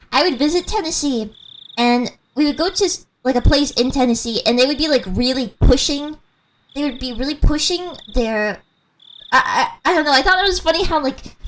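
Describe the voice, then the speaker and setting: Young woman streamer w a slight american mountain accent, rambly n giggly, kinda high voice. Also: slight background noise. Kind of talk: casual chat with viewers during a game stream.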